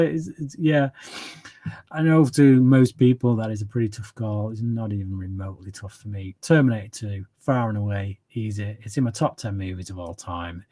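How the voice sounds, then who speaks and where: A man's voice: fairly low pitch, darkish tone. Rambling man host of a livestream Q&A. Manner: rambling and opinionated, hums filler syllables while reading chat. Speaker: channel host answering viewer questions. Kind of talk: casual livestream Q&A.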